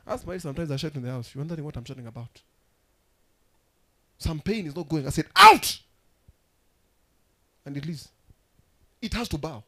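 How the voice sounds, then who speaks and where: A man preaching a sermon as pastor, emphatic and rousing, with sudden loud outbursts. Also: on the high side, lively intonation, fast, long pauses.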